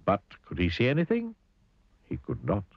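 A man narrating a children's cartoon story, playful and expressive, asking the listener questions. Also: fairly low pitch, moderate pace, dry recording, highs cut off.

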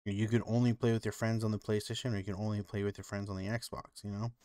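A man's voice: fairly low pitch, level tone, fast talker, mellow, clear, resonant tone, no echo, studio quality. A man co-hosting a podcast, chatting casually and rambling, with lots of "like" and "you know". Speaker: podcast co-host. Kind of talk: casual chat.

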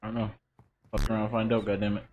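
A man's voice: lowish voice, monotone, very fast, a little mellow, a little hiss or hum. A young man joking and teasing his friend while they play a game together. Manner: teasing, laughs a lot, joking. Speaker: gaming partner. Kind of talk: casual gameplay banter.

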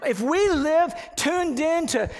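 A male pastor preaching a sermon and telling a personal story, animated, swinging between loud and hushed, repeating words as he builds a point. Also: very high-pitched, slow.

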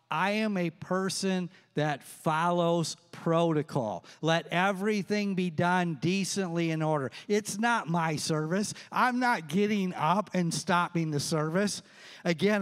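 A middle-aged pastor preaches in a fairly high, smooth and resonant voice. He tells stories and acts out the dialogue as he goes. His words ring through a large, echoing church. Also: a little slow. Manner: storytelling with acted-out dialogue. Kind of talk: sermon. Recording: echoey church hall.

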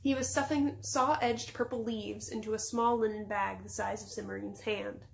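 A woman's voice: mid-range voice, normal speed, creaky, slight background noise. Woman teacher reading a chapter book aloud. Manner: steady storybook narration.

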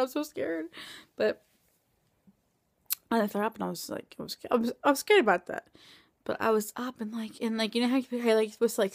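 A woman's voice: on the high side, vocal fry, fairly bright tone, no echo, clean studio sound. A young woman telling a casual, rambling story as a vlogger, full of filler words and acting out the voices of others.

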